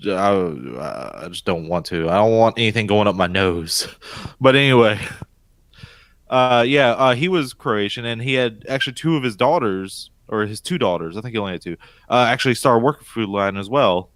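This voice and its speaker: Man, 30s, from north carolina, lively swooping pitch, profane chat, dry close mic. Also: moderate pace, dry recording. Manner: lively and profane, bursting into high-pitched exclamations. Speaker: podcast co-host. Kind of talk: casual chat.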